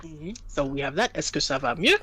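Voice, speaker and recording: A woman tutoring French in a casual stream lesson, animated and quick to laugh as she explains. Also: low-pitched, a little hiss or hum, poor audio.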